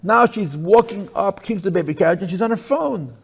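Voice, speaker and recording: A man speaking as a rabbi, lecturing to listeners in a room, emphatic and repetitive, swinging between loud bursts and hushed lines. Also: high voice, lively intonation, brisk, gravelly, breathy edge. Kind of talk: lecture to a live audience.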